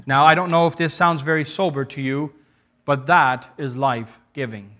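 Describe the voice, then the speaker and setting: A male preacher gives a sermon to his congregation in a voice pitched a little higher than most men's. He's earnest, often stopping to restart a thought or read scripture aloud, with fairly even intonation, normal speed, and a sharp tone.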